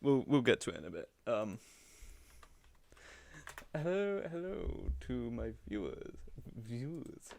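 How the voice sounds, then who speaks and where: A man's voice: medium pitch, sing-song, slow, gravelly, pauses often, darkish tone, a little hiss or hum. Laughing, mocking male streamer. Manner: chatty, mocking, laughs often. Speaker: live streamer. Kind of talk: casual reaction commentary.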